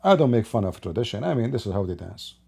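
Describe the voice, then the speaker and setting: A man's voice: fairly low pitch, sing-song, fast, vocal fry, warm tone, breathy edge. A man delivering an opinionated commentary monologue, emphatic and scornful, firing off rhetorical questions in plain, broken grammar. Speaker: online commentator.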